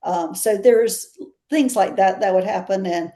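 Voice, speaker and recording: A woman's voice: medium pitch, measured pace, warm tone. A woman with a Southern US accent, a guest chatting and telling stories in an interview, often laughing. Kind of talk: casual interview storytelling.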